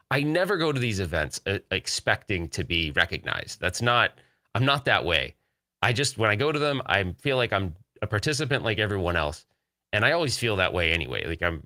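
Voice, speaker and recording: A man's voice: fairly low pitch, sharp tone, no echo, studio quality. A man hosting a podcast live stream, talking casually in a rambling, upbeat way and reading viewer chat aloud. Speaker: podcast host.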